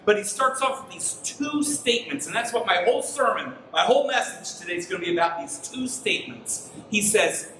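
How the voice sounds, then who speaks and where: A man in his thirties preaching a sermon as pastor, telling stories in an animated way and sounding tired from little sleep. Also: high-pitched, brisk, slight background noise. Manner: animated storytelling, rising to near-shouts in frustration. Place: church sanctuary. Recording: echoey room, mic at a distance.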